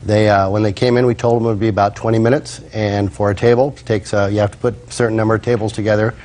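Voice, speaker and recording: A man testifying in court as a restaurant manager, halting and hesitant, full of uhs. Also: lowish voice, little pitch movement, a little mellow.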